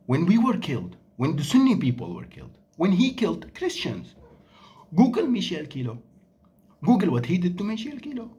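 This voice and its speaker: A man's voice: sits high, huge pitch swings, normal speed, mellow. A Syrian man in his thirties, a native Arabic speaker, delivering an angry, emphatic monologue full of rhetorical questions. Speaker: vlogger. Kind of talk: impassioned monologue to camera.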